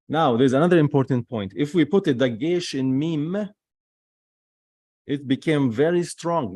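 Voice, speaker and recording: A man, teaching the alphabet and repeating each sound slowly while he writes. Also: mid-range voice, vocal fry, a little mellow, no room sound, clean studio sound. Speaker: Hebrew teacher. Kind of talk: slow alphabet lesson.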